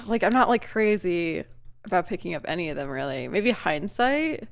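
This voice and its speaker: A woman's voice: lowish voice, lively intonation, moderate pace, gravelly. A woman streamer chatting casually during a live reaction, giggling often and rambling with many fillers and restarts.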